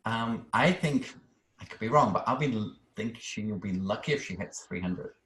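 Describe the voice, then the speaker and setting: Soft-spoken man on a roomy call. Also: on the low side, animated, moderate pace. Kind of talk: casual chat.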